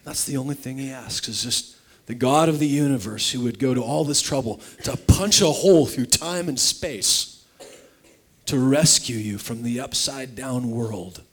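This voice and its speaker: A man's voice: mid-range voice, measured pace. A pastor preaching conversationally, making heartfelt appeals to his congregation. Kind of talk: sermon.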